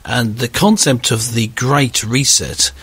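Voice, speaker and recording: A man hosting an audio discussion, talking in an earnest, animated conversational way. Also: medium pitch, takes it slowly, husky, no room sound. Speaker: podcast host.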